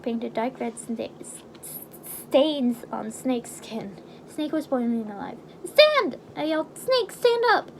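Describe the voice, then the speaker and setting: High-voiced woman reading aloud. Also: mellow, slight background noise, low-quality recording. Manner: casual, stumbles and restarts over words. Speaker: reader. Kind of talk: reading a game novelization aloud.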